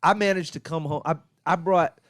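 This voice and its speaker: A man hosting a podcast in casual chat, joking loudly and laughing often. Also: fairly high pitch, fairly quick, dry recording, studio quality. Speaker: podcast host.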